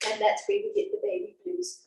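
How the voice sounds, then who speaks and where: A woman's voice: extremely high pitch, level tone, brisk, a little mellow, slight background noise. A woman teaching an antenatal class in a chatty, reassuring, down-to-earth way, in a classroom. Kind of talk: informal class talk. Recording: echoey room from a distance.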